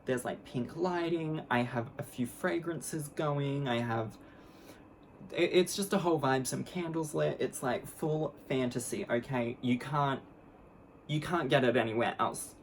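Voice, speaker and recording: A woman's voice: very deep voice, unhurried, slight background noise. Blunt, sarcastic young woman vlogger. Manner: candid, blunt and sarcastic, acts out both sides of the story in mocking voices. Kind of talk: casual storytelling vlog.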